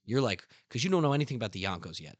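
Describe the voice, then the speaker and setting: A young man hosting a casual podcast, excitedly retelling anime scenes with slang and acting out character lines. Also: mid-range voice, rapid-fire. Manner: animated storytelling with slang, acts out character lines. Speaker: podcast host.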